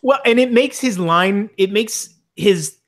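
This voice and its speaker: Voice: mid-range voice, measured pace, crowd noise. A podcast co-host chatting casually in a movie review, rambling with many restarts.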